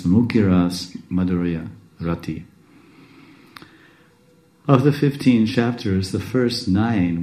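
A man teaching a scripture class, rambling with restarts, self-interruptions and chuckles, in a speaking style he calls a monotone. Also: low voice, low-quality recording. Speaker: spiritual teacher.

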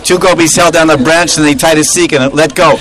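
Animated guy telling a devotional story, kinda high voice, acts out the parts. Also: fast talker, rough recording.

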